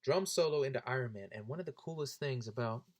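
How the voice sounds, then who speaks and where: Animated young man telling a story. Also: fast. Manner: animated, jumps high in pitch when excited. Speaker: vlogger. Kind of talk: casual storytelling.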